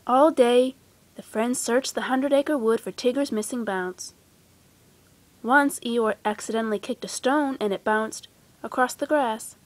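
A woman with a fairly high voice reads a children's storybook aloud, gentle and expressive. The sound is dry and close, with no room echo. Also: measured pace. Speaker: storybook reader.

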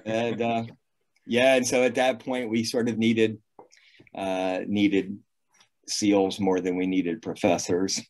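A man's voice: on the low side, little pitch movement, slow pace, a little mellow. A man in his sixties, a retired navy officer, telling a story in an interview with many fillers and restarts. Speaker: guest.

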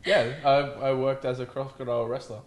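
A young Australian man answers an interviewer's questions. He talks in a dry, deadpan way and pauses on many fillers. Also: medium pitch, slight background noise. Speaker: guest.

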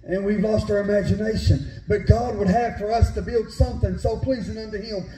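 Fervent West Virginia Appalachian preacher, high-pitched. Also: male voice, fairly even intonation, a little fast, soft background music. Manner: folksy, fervent, rising to shouted preaching. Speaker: pastor. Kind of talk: sermon with personal storytelling. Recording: echoey church room.

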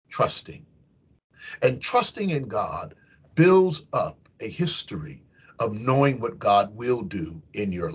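A man's voice: lowish voice, slightly rough. A man giving a devotional meditation as a hospital chaplain, talking in a conversational way and correcting himself as he goes. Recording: dull lo-fi recording.

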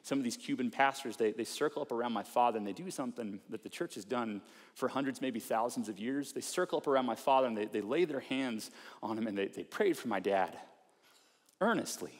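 A male pastor preaching in a relaxed, conversational way, with pitch sitting in the middle of the range. He slips into acted-out prayers and mock self-talk to make his points. His voice carries a long reverb tail from a large church hall. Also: a little fast. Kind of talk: sermon.

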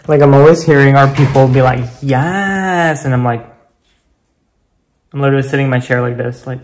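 A man's voice: medium pitch, flat delivery, fast talker, a little mellow, a little hiss or hum. A man chatting casually in a home vlog, playful and theatrical while making coffee at home. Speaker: vlogger.

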